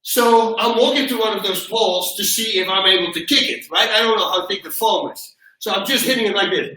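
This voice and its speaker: Animated man telling stories in an echoey gym. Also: sits high, brisk, few pauses. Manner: animated storyteller who acts out quotes loudly. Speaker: host and martial arts coach. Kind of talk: casual storytelling on a livestream. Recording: echoey gym, far from mic.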